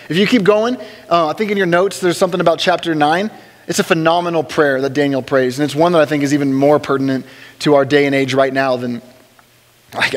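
A man leads a church class in an easygoing, conversational manner, slipping in humorous asides and repeating himself as he gathers his thoughts. His voice sits somewhat high for a man. A long reverb from the church hall trails behind every phrase. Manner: casual, joking asides, frequent restarts. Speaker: Bible study teacher.

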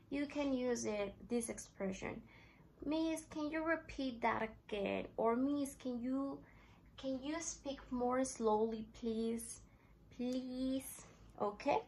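Woman ESL teacher; slow, repeats phrases for learners; slightly high pitch. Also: poor audio. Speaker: English teacher. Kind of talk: classroom language lesson.

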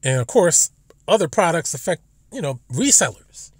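A man talks in a rambling, profane monologue. His voice sits a bit high, and he often slips into acted-out lines of imagined dialogue. The sound is dry and close, as if from a phone in an online audio room. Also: very animated, moderate pace, slightly rough, no room sound. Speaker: live audio room speaker. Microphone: phone or headset in an online audio room.

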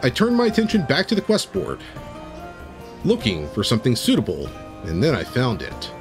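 Guy reading out a d&d story on stream, super lively voice, stops to react, faint music behind. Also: medium pitch, moderate pace. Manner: animated, breaks off to react. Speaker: streamer and game master. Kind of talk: reading an AI-written tabletop story live.

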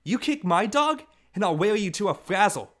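A man voicing a small storybook boy, yelling high and hard, fierce and stubborn. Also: sing-song, normal speed. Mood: furious.

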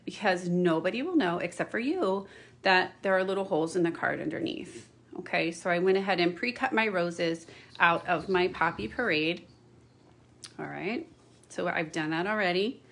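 A woman's voice: medium pitch, fairly bright tone. A middle-aged woman chatting through a card-making tutorial, with apologetic asides and frequent "okay?" check-ins. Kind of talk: casual craft tutorial.

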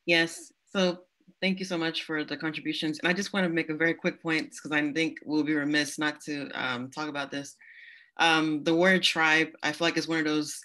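A woman's voice: low voice, little pitch movement, moderate pace, sharp tone. A young woman moderating a panel discussion, thoughtful and casual in her phrasing. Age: young adult.

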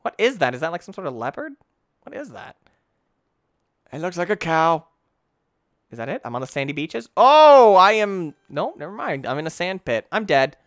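A man giving goofy let's play commentary, talking to the game and bursting into shouts when things go wrong. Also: a little high, big pitch swings, normal speed, pauses often, no echo, clean studio sound.

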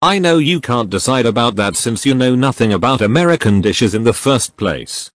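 A man's voice: mid-range voice, lively intonation, moderate pace, dry recording, lightly acted. A man voicing a brash, hot-tempered young male hero who snaps crude insults, in a fan audio drama reading. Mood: gruff.

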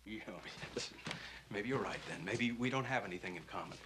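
An actor playing a young lawyer husband in a 1960s film comedy, dry and teasing. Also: male voice, lowish voice, a little fast, heavy background noise, lightly acted. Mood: stern. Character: dry, unflappable young newlywed lawyer, man.

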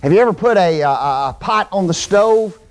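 Preacher, man, slightly high voice, folksy and animated, quizzing his Bible class. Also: moderate pace. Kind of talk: sermon, Bible class teaching. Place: church classroom.

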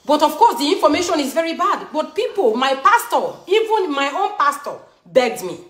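A woman from Edo State, Nigeria, with a Nigerian English accent, hosts a show and speaks heatedly and repetitively to her viewers live, in an emphatic, scolding manner. Her high, fairly bright voice moves quickly with big pitch swings, and the recording has a roomy echo.

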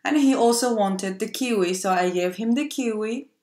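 A woman teaching a phonics lesson to small children, drawing out letter sounds and telling a gentle story. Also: on the high side, normal speed, echoey room. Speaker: preschool teacher.

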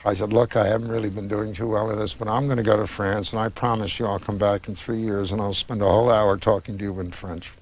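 A man in his sixties, an author, answering interview questions in a reflective, meandering way with frequent pauses and restarts. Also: fairly low pitch, flat delivery. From United States. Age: 60s. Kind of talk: conversational interview.

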